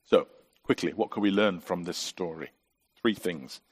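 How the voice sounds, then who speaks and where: Middle-aged pastor, low-ish voice, earnest preaching, lots of rhetorical questions. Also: male voice, normal speed, slightly rough. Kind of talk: sermon.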